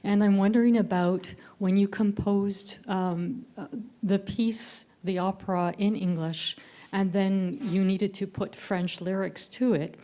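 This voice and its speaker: A woman, asking a panel question in a clear, explanatory way. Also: mid-range voice, fairly even intonation, measured pace, dark tone. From Canada. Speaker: audience member.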